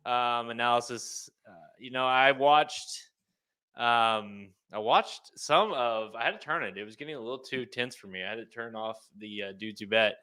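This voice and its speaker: A man's voice: medium pitch, normal speed, bright, forceful tone, clean tone. A man in his thirties co-hosting a podcast, talking loosely and laughing often. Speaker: podcast co-host. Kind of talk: casual chat.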